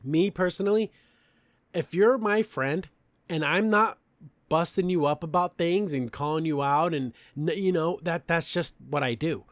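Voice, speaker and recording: Young guy podcasting, kinda high voice, rambly and opinionated, dry close sound. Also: a little slow, no echo. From Mexican family background. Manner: chatty, opinionated, lots of fillers. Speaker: podcast host. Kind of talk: casual episode recap.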